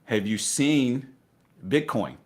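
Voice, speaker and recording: A man's voice: mid-range voice, expressive, takes it slowly. A middle-aged man telling his investing story in a casual interview, acting out voices with laughter. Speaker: guest investor.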